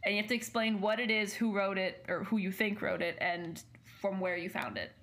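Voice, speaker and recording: Young woman hosting, mid pitch, rambly, says like a lot. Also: a little fast, a bit bright. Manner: rambling, chatty, lots of "like" fillers. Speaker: podcast host. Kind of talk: casual chat.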